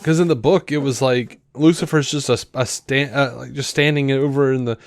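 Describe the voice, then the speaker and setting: Man, podcast co-host, casual chat, rambling, lots of fillers, middle pitch, dry close sound. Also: moderate pace, dry recording. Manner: rambling, full of fillers and restarts; animated retelling that acts out quoted lines.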